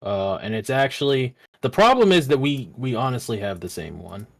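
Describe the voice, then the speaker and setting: Animated young man telling stories in slang. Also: mid-range voice, normal speed, gravelly, no echo. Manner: animated slang-heavy storytelling, laughs often. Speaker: podcast co-host. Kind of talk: casual chat.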